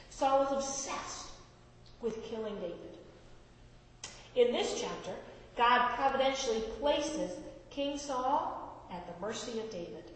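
A woman's voice: on the high side, slight background noise. Woman telling a Bible story in an echoey hall. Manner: conversational storytelling, brisk. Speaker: preacher. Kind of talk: Bible lesson with scripture reading.

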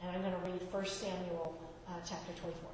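A woman teaching a Bible lesson, retelling and reading scripture in a brisk, conversational storytelling manner. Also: fairly low pitch, little pitch movement, heavy background noise. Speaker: preacher. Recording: echoey hall reverb.

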